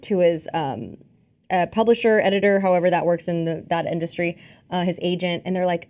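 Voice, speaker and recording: A woman co-hosts a film podcast in a studio shot with two cameras, chatting casually about movies. Her fairly low, darkish voice moves a little fast as she tells stories animatedly, acting out quotes and using plenty of fillers.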